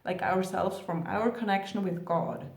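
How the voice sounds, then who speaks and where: A woman's voice: medium pitch, fairly even intonation, moderate pace, creaky. A woman coaching on twin flames, talking casually to her viewers with many rhetorical questions and "like" fillers. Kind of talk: casual advice talk to camera. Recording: echoey room.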